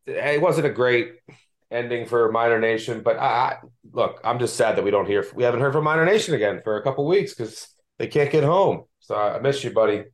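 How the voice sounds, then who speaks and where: A man's voice: medium pitch, fairly quick. A man with a Delaware County accent hosting a sports betting podcast in a chatty, self-deprecating way. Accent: Delaware County (Philadelphia area). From Delaware County, Pennsylvania. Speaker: podcast host.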